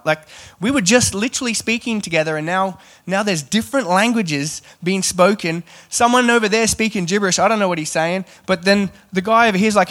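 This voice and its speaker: Male preacher, casual and animated, light self-deprecating humour, slightly higher voice. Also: fairly quick, hardly any pauses. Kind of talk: sermon.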